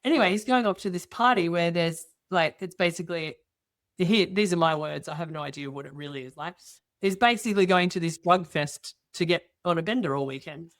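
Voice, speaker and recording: A middle-aged woman guest telling personal stories in casual conversation, lively and acting out dialogue with quoted voices. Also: on the low side, brisk, dry recording, studio quality. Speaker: interview guest.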